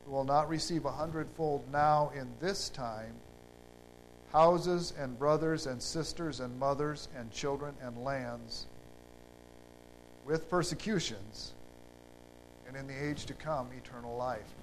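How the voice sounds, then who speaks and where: A man preaching a sermon in an unhurried, halting way, with fillers and restarts. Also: mid-range voice, slight background noise, rough recording.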